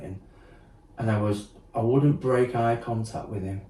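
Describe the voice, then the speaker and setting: A mellow, mid-range male voice with a steady tone and unhurried pace delivers a frank story on a podcast, swearing, voicing other people's lines, and using plenty of fillers. Recorded on a distant mic, the audio sounds roomy with a little hiss or hum.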